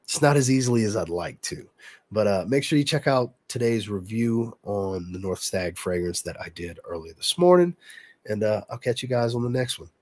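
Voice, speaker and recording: A man's voice: lowish voice, animated, moderate pace, darkish tone, dry recording. A man with a stuffy, nasal, congested voice, answering viewer questions in casual livestream chat. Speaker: livestream host.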